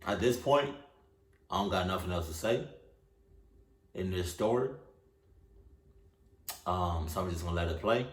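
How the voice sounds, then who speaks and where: A man reacting to a horror video in casual commentary, ranting and cursing in an animated way, at home. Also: sits low, a little slow, pauses often, roomy sound.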